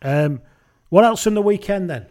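A man's voice: high-pitched, expressive, normal speed, a crowd in the background. A man in his forties co-hosting a podcast, chatting in a sweary, jokey, exasperated way. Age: 40s. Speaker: podcast co-host. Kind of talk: casual banter.

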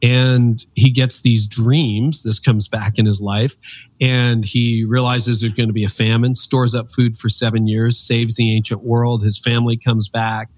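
A man in his fifties, an author and speaker, telling stories in an interview with emphatic, animated delivery. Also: unhurried. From Canada. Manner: animated, emphatic storyteller with pitch leaps. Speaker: podcast guest, author and speaker. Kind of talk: reflective interview storytelling.

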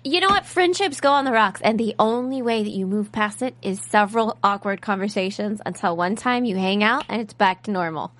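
A woman co-hosting a casual TV recap podcast, talking in a lively way and calmly laying out her view. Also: medium pitch, fairly quick, hardly any pauses. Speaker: podcast co-host.

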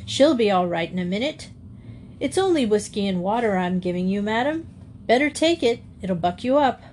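A woman's voice: mid-range voice, animated, normal speed, a little mellow, a little hiss or hum, natural voice. A woman reading the part of a big fair man who talks bluntly and practically, reassuring a fainted young woman in a storybook. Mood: brisk. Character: big fair man, kindly but brisk rescuer.

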